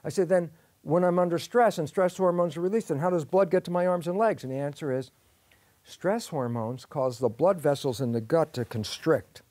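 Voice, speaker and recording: A man in an interview explains biology in a lively way, acting out both sides of the questions and answers himself. His voice sits a little high for a man. The sound is dry and close, with no room echo. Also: moderate pace. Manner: lively, acts out both sides of imagined dialogues. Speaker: guest scientist.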